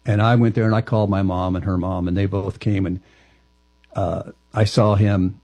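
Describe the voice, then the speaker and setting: A man telling a personal story to an interviewer, halting and often restarting his sentences. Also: low-pitched, flat delivery, a little mellow, no room sound, muffled recording, soft background music. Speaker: interview guest.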